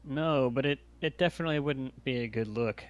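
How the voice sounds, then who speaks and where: A man's voice: mid-range voice, fairly quick. A man playing a tabletop game, talking in a casual, musing way. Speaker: player. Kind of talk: casual in-character play.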